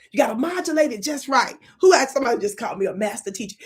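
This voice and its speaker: Sex: woman. Role: channel host. Style: comedic livestream coaching. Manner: animated, playful, swings into whispers. Pitch: fairly high. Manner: animated and playful, with sudden whispers and drawn-out words.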